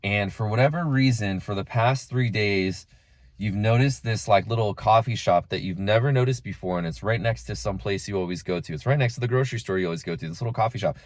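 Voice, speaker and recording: A man's voice: on the low side, fairly quick, dry recording. A young man talking casually to camera as a spiritual coach, chatty and full of filler "like"s and acted-out inner voices. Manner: conversational, lots of "like" and acted-out inner quotes.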